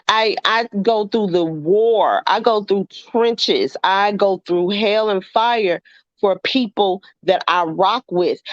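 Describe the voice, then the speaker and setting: A woman's voice: mid-range voice, no room sound, muffled recording. A woman co-host, blunt and teasing, swearing for emphasis in a livestream chat.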